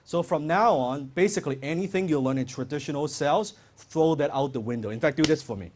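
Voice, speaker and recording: A man giving a lively live sales seminar, quizzing the audience with questions. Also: on the high side, fairly quick, few pauses, slight background noise. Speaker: sales trainer and seminar speaker. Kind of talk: live motivational seminar talk.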